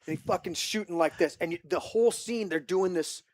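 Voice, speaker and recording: A man hosting a casual movie podcast, talking excitedly, swearing often and rambling with restarts. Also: high-pitched, brisk, a little hiss or hum. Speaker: podcast host.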